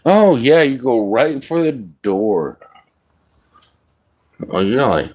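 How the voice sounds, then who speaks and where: A man's voice: medium pitch, very animated, takes it slowly, a little mellow, rough recording. A man livestreaming casually, rambling and joking crudely while talking to his cat.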